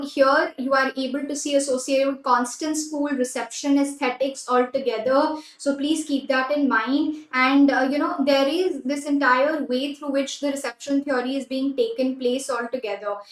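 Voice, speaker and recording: A woman with an Indian English accent leads a live online class in a high, bright voice. She switches freely between Hindi and English, repeats her key phrases and cheers students on by name. The room gives her voice a roomy echo. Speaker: exam prep teacher.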